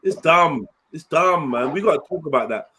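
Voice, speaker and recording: A man's voice: fairly high pitch, lively intonation, normal speed, sharp tone. A young man hosting a livestream, joking, swearing and laughing in slangy casual banter. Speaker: livestream host.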